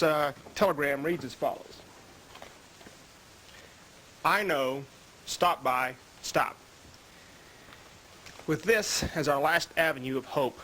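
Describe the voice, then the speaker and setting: A man narrating and interviewing in a deadpan, earnest reporter tone for an amateur 1970s mockumentary. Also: mid-range voice. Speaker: mock documentary interviewer. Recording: noisy 1970s field recording.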